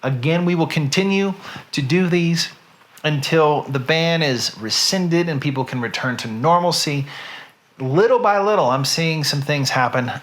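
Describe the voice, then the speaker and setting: A middle-aged man with a Southern US accent, hosting from home, reading a poem slowly with drawn-out line endings and then chatting casually. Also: fairly high pitch. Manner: slow, drawn-out recital with falling line ends. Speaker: host. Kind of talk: dramatic poetry reading, then casual chat.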